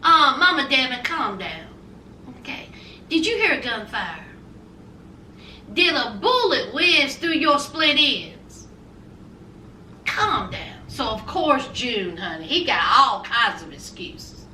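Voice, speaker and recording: A woman's voice: high voice, big pitch swings, slow, bright, forceful tone, distant mic, slight background noise. A woman reviewing reality TV in a casual, sassy vlog, calling her viewers honey and y'all. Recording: roomy echo, a bit off-mic.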